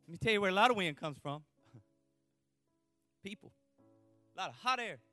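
A man preaching a fervent revival sermon, repeating refrains and letting out whooping shouts. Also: sits high, expressive, very fast, no echo, faint music behind. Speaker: pastor.

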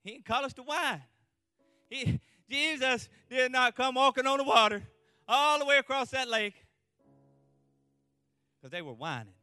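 A man preaching a fervent revival sermon, repeating refrains and letting out whooping shouts. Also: very high voice, animated, a little slow, long pauses, clean tone, no echo, soft background music. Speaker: pastor.

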